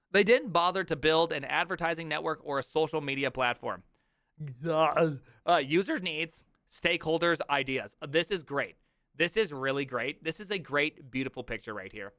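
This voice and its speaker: A man in his thirties reacting to an article on a live stream, reading aloud and riffing with jokey, loud outbursts. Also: a little high, brisk, dry recording, studio quality. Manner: animated, jokey, reads aloud then riffs with loud outbursts.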